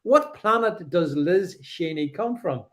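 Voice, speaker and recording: A middle-aged man from the UK hosting a live stream, reading viewer comments and reacting with sarcastic, animated commentary full of restarts. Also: high voice, slow pace.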